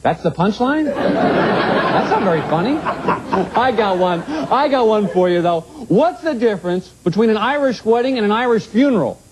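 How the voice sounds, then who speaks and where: Crass tabloid talk show host, high lively voice, loud audience behind. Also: male voice, normal speed, a little hiss or hum, rough recording. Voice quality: brash, tactless, joking. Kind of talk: sitcom acting.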